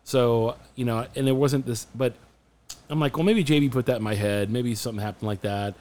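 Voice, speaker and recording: A man co-hosting a podcast, telling a story in casual chat, animated and often restarting his sentences. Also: mid-range voice, a little fast. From Phoenix area, USA. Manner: animated, restarts a lot, acts out quotes. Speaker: podcast co-host.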